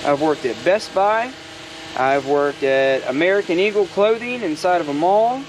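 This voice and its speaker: DIY vlogger, chatty and rambling, animated voice, outdoor noise behind him. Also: male voice, fairly high pitch, moderate pace. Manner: rambling and joking, given to side rants. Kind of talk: casual workshop chat. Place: outdoors at a backyard project.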